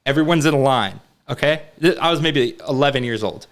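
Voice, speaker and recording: A man's voice: medium pitch, a little fast. A man in his thirties, a podcast co-host telling stories in casual chat, swearing freely and acting out what people said. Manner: animated, swears freely, acts out quotes.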